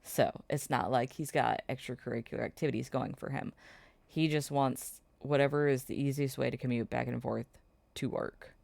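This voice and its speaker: A woman's voice: extremely low pitch, fairly even intonation, normal speed, vocal fry, darkish tone, no room sound. A woman host casually recapping a drama plot, chatty with frequent fillers and laughs.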